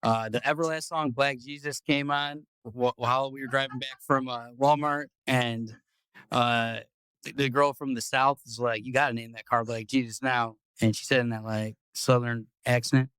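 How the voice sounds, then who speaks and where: Male podcast host, mid-pitch, rambling storyteller with a dry, close sound. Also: steady tone, moderate pace, fairly bright tone, clean tone, no echo. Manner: rambling, profane, repeats words. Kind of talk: casual storytelling.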